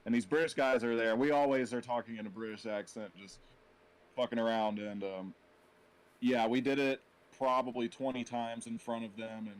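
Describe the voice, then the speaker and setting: A man's voice: mid-range voice, steady tone, moderate pace, poor audio. A man from a rock band, telling stories on a podcast in a laid-back, profane way. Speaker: rock band member guest. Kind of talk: casual chat.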